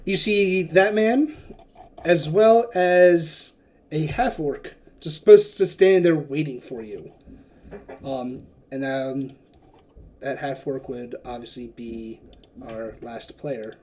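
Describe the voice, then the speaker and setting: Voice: medium pitch, takes it slowly, a little mellow. A game master narrating a tabletop game in a loose, chatty way with self-mocking asides.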